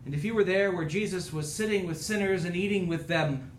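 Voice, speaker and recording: Pastor guy giving a sermon, kinda high voice, big echo in the sanctuary. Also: fairly quick, a little hiss or hum. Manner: earnest, rising and falling preaching cadence.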